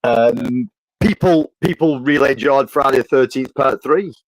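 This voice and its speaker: A man's voice: mid-range voice, a little slow, no echo, low-quality recording. Stammering man, dry sound. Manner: stammering restarts, frequent swearing. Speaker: podcast co-host. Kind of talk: casual chat.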